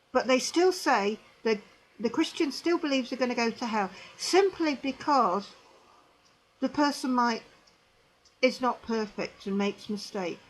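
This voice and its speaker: A woman's voice: fairly high pitch, slight background noise, rough recording. A woman giving an emphatic religious commentary monologue, repeating herself and asking the viewer "don't we?". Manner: emphatic, repetitive, tag questions to the viewer.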